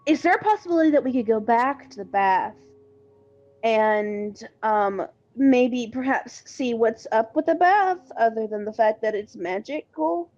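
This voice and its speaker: A woman player in a casual tabletop role-play game, talking in an animated, giggly way and stumbling over her words. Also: a little high, a little slow, highs cut off.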